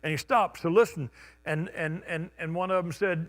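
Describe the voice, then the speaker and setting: Bright-voiced preacher with stammering restarts. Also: male voice, fairly high pitch, steady tone, moderate pace. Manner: conversational preaching, stammering restarts, shouted call-outs. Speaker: pastor. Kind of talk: sermon. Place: church sanctuary.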